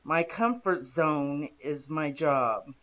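This narrator reads first-person inspirational stories at an unhurried, deliberate pace. The delivery is calm and steady, with a voice sitting in an ordinary middle range. The tone is even and measured throughout. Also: mid-range voice.

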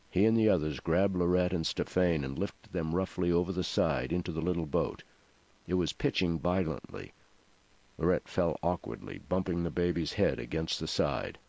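Deep-voiced male audiobook narrator. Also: normal speed, dry recording. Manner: expressive storytelling. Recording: dry, slightly muffled lo-fi recording.

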